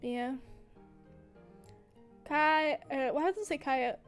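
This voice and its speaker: A young woman with a high, bright-sounding voice talks slowly and gushingly on a livestream, breaking into giggles mid-sentence. Faint music plays softly behind her. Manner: gushing, filler-heavy. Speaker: streamer. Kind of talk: casual livestream chat.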